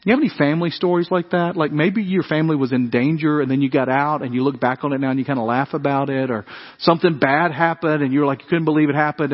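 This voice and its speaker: High-voiced man preaching in a reverberant hall. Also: dull audio. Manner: animated, conversational, acts out family voices. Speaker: pastor. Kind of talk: sermon storytelling.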